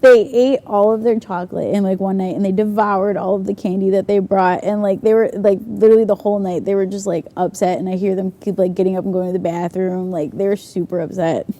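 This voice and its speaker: A woman's voice: medium pitch, fairly even intonation, quick pace, hardly any pauses, warm tone. A young woman youth leader chatting casually, giggling and saying "like" a lot as she tells stories. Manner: bubbly, giggly storyteller, says "like" a lot. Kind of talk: casual chat.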